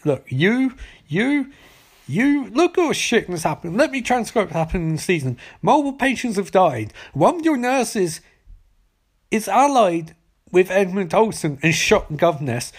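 A man's voice: a little high, normal speed, a little mellow, lightly acted. A man doing a ranting, blustering governor. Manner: ranting, scolding. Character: blustering, foul-mouthed male governor.

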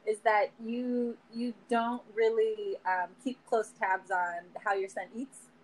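Woman co-host, a bit high-pitched, casual and encouraging. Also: flat delivery, poor audio. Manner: supportive, quick affirmations. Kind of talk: casual conversation.

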